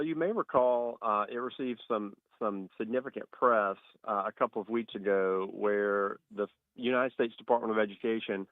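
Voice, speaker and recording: A man speaks with a low voice over a tinny, narrow-sounding phone line, with a dry sound. He is a state education official taking questions in a radio interview. He talks in a steady, measured way with frequent "uh" and "um" fillers. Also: no echo. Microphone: phone call.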